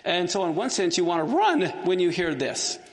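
A man's voice: sits high, big pitch swings, normal speed. A man teaching a Bible lesson to a class, asking his listeners questions as he walks them through a passage. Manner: engaged, asks the class questions. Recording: long hall reverb.

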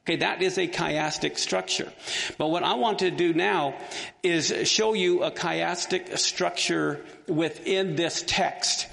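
A man's voice: sits high, fairly even intonation, takes it slowly, vocal fry, fairly bright tone. A man teaching a Bible lesson to a class, asking his listeners questions as he walks them through a passage. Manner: engaged, asks the class questions. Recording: long hall reverb.

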